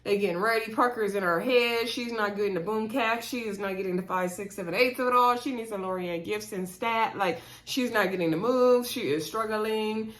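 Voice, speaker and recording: A woman's voice: mid-range voice, a little fast, hardly any pauses, fairly bright tone. A woman in her thirties casually recapping a reality show, gossipy, with laughing asides and lots of fillers. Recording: echoey room.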